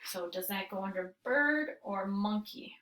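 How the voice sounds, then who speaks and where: Slow, bright-voiced woman teacher. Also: medium pitch, lively intonation. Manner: slow, patient, drawn-out words for young children. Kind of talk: recorded early-grade phonics lesson.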